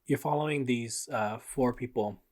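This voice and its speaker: A man's voice: medium pitch, moderate pace. A young man co-hosting a podcast, recapping a story in a laid-back casual way with lots of filler words. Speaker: podcast co-host. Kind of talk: casual chat.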